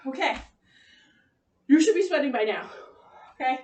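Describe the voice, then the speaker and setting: A woman's voice: high voice, lively intonation, a little slow, pauses often, a little mellow. A woman fitness instructor leading a home cardio workout, chatty and encouraging, and out of breath as she exercises. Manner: encouraging, chatty, laughs often. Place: room at home. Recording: echoey room, voice from a distance.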